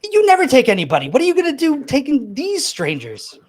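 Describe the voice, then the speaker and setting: A man voicing an excitable little female tinkerer who blurts things out loudly and brashly. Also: normal speed. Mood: indignant. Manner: shrill, loud, blurting.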